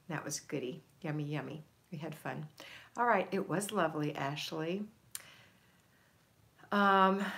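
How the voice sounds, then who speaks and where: A middle-aged woman hosting a casual livestream, chatting warmly and greeting her viewers one by one by name. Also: low voice. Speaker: host.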